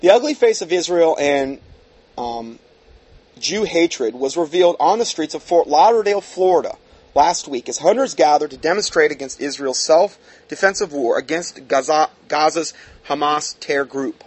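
A man's voice: fairly high pitch, animated, moderate pace, darkish tone, husky. A man reading a news article aloud and breaking off into heated, sarcastic commentary, with many fillers. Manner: reads aloud then breaks off into heated asides; frequent fillers and restarts, sarcastic mockery.

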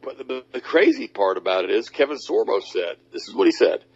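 A man hosting a talk radio show, speaking emphatically and mocking others in high put-on voices. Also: huge pitch swings, fairly quick, gravelly, slightly rough. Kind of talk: animated talk radio monologue. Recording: dull lo-fi audio.

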